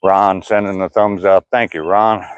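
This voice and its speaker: An older man strolls along an outdoor trail, laughing and cracking jokes as he reads chat comments aloud. His voice sits a little low, and the phone audio is dull and dry. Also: fairly even intonation, a little slow, smooth, no room sound. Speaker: vlogger. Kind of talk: casual live-stream chat while walking.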